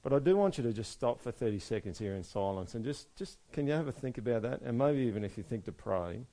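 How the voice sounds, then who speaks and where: A man's voice: mid-range voice, animated, quick pace, dark tone. A man giving a conversational Bible talk who asks his listeners direct questions and acts out what ordinary people might say. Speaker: preacher.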